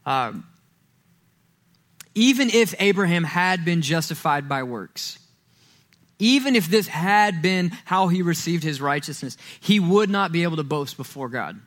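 A man preaching a sermon in a church, talking casually, acting out quoted voices and getting louder and higher when he stresses a point. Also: animated, a little slow. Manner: conversational, acts out quoted voices, rises loud and high when stressing. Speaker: pastor. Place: church sanctuary.

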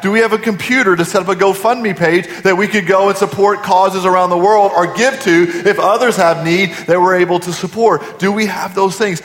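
A man preaching a sermon, his voice sitting fairly high for a man. He poses question after question to the congregation and sinks to a hushed tone on key points. The sound rings out with long reverb, as in a church sanctuary. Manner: preaching with rhetorical questions, dropping to quiet emphasis. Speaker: pastor.

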